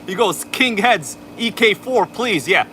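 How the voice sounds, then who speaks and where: Hyped New York guy, bright voice. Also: high voice, expressive, measured pace, a little hiss or hum. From Queens, New York. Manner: hyped, exaggerated announcer delivery, shouts out viewers. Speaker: RC livestream host. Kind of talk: casual livestream chat. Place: indoor room with air conditioner running.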